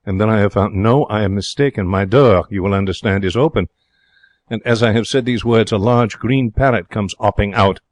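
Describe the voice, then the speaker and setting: An actor playing an excitable young Frenchman in a radio drama, speaking broken English in a French accent with theatrical, emotional delivery. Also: on the low side, moderate pace, no echo, lightly acted. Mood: wistful. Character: young excitable romantic Frenchman, former hotel cashier. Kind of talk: 1940s radio drama narration.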